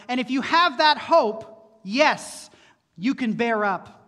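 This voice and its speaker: A man's voice: extremely high pitch, expressive, slow pace, sharp tone. A male pastor preaching an earnest sermon, posing rhetorical questions to the congregation. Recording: long reverb from a large hall.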